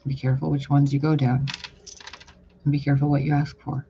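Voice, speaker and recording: A man's voice: on the high side, completely flat delivery, fairly quick, vocal fry. A man delivering a casual channeled spiritual message, rambling and blunt, with casual swearing. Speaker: spiritual reader. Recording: dull lo-fi audio with loud background noise.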